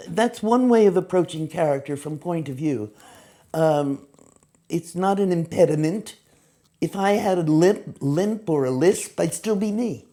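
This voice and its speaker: A woman, an acting teacher, explaining technique in a lively way and acting out short examples. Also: low voice. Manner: animated, acts out examples in quoted voices. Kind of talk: teaching talk to camera.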